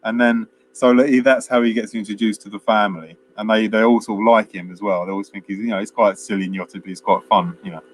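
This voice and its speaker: A man's voice: on the low side, steady tone, fast, hardly any pauses, slight background noise. A man, chatting casually as a podcast co-host and retelling film scenes at length with many fillers. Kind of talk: casual film review chat.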